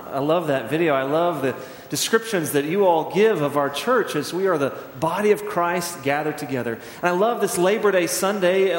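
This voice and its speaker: A middle-aged man preaching a sermon as pastor, telling stories in a conversational way and acting out scenes. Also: a little high. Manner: conversational storytelling, acts out scenes. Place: church sanctuary. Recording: echoey church hall.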